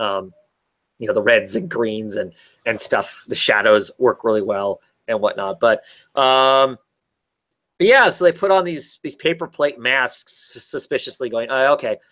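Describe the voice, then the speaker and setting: In a casual chat, a man with a mid-range, slightly bright voice recaps a comic story as a comics-review podcast co-host. He rambles, using many fillers and restarting often.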